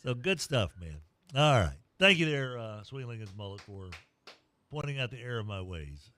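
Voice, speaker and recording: A middle-aged man hosting a sports radio show, energetic and jokey as he rattles off sponsor plugs. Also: medium pitch, moderate pace. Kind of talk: sports talk radio and ad reads.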